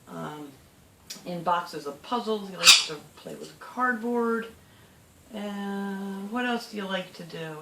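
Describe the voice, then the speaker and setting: Low-ish middle-aged woman, chatty pet vlogger, baby-talks her birds; distant roomy home recording with noise. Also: lively intonation, measured pace. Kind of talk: casual home video chat. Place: home with parrots in the room.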